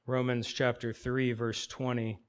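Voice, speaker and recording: Slow, emphatic male preacher. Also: mid-range voice, level tone, clear, resonant tone. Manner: emphatic, rhetorical questions, slows for stress. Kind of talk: expository sermon.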